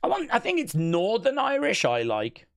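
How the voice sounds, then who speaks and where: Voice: mid-range voice, huge pitch swings, moderate pace, creaky. A live stream host chatting casually during a watch-along, playfully reading out viewer comments. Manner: chatty, playful, reads chat comments aloud.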